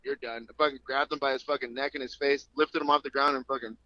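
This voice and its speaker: A man in his thirties, an MMA fighter guest on a remote call, telling stories in an animated, profane way and acting out the voices in them. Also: mid-range voice, fast talker, dry recording. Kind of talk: casual storytelling interview. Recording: dull call audio.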